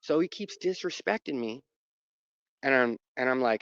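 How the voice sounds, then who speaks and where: A man's voice: mid-range voice, expressive, normal speed, fairly bright tone, dry recording. Man, casual rambling storyteller, dry, lo-fi sound. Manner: rambling, lots of fillers and restarts. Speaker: dog owner telling a personal story. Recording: muffled dry recording.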